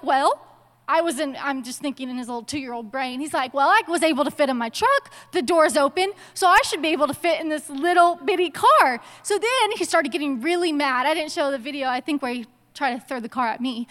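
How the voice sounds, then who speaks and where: A woman's voice: high voice, fairly bright tone, long reverb tail. A young woman giving a casual, conversational sermon in a church, telling stories with chatty slang asides. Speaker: church speaker. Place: church sanctuary.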